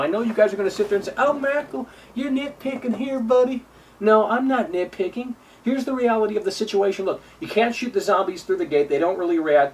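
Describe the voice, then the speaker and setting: A man hosting a live stream, ranting combatively about a game and mocking his critics in a whiny put-on voice. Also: a little mellow. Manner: sarcastic, mocking imitations in a high whiny voice; repetitive, combative. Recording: distant mic with faint noise.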